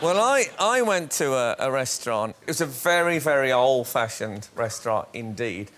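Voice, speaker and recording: A man's voice: medium pitch, big pitch swings, normal speed. A man hosting a comedy panel show, with dry, teasing banter. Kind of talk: comic studio banter. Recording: loud studio audience and noise.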